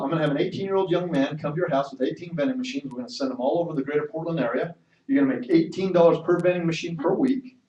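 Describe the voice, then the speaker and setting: A man voicing a pushy, smooth-talking male telemarketer giving a rapid-fire sales pitch, heard from a distance in an echoey room. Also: a little mellow, muffled recording, lightly acted.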